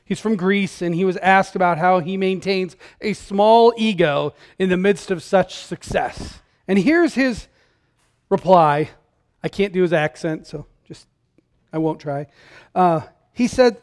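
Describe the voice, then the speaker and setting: A man, a pastor, giving a sermon in a conversational style, talking straight to the congregation and swinging from loud emphatic calls to hushed, tender lines. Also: high voice, unhurried. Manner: conversational, direct address to congregation.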